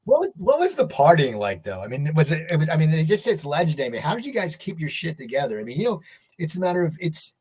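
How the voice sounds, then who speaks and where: Husky guy interviewer, kinda high voice, jumps all over in pitch. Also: huge pitch swings, fast, a little mellow. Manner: rambling questions with restarts. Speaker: podcast host. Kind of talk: casual interview.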